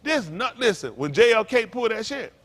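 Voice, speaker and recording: A man's voice: high-pitched, very animated, a little fast, a bit bright. A man preaching to a congregation in a fiery, emphatic way, repeating his points and throwing in mocking asides. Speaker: pastor.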